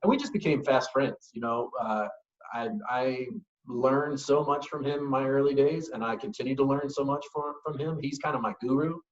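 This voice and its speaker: A man's voice: mid-range voice, moderate pace. A man, a whiskey brand ambassador, telling stories as a guest in a casual interview, with an easygoing manner and frequent chuckles. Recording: echoey, dull lo-fi remote audio.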